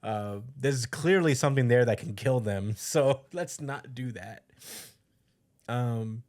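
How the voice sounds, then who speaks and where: Male podcast co-host, casual recap delivery, lots of fillers, mid-pitched voice. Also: takes it slowly, a little mellow. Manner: loose storytelling with fillers, voices quotes.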